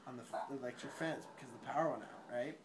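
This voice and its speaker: A man's voice: medium pitch, fast, background noise. A drunk young man retelling a film in a rambling, swearing way, often laughing and tripping over his words.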